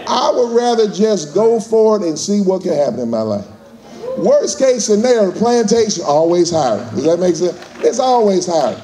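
High-voiced man preaching hard. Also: mellow. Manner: preacherly call-and-response, acts out voices. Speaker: motivational speaker. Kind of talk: motivational speech to a live audience.

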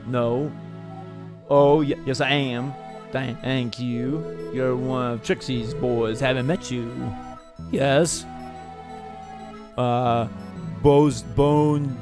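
A man narrating a game as he plays, in a goofy, rambling way, often talking straight to the characters on screen. He speaks slowly at a middle pitch. Game music plays clearly behind him. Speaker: gamer playing through a game. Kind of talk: playful game commentary with improvised character lines.

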